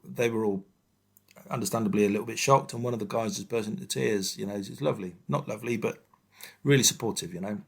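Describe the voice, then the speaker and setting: A man in his fifties, a firefighter guest speaking frankly and haltingly with many fillers in an interview. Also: on the low side, gravelly, breathy edge. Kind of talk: candid personal interview.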